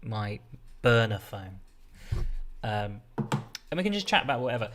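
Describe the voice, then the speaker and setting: A man's voice: lowish voice, sing-song, a little slow, fairly bright tone. A man hosting a casual livestream, talking in a rambling, chatty way that keeps breaking off and restarting. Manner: rambling, chatty, self-interrupting. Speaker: livestream host. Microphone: desk setup with a mixer.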